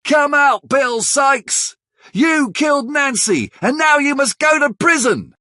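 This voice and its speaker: A man voicing a furious street crowd shouting out their demands in a storybook reading. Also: extremely high pitch, animated, takes it slowly, dry recording, studio quality, voice pushed up, exaggerated voice. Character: angry street mob of adults.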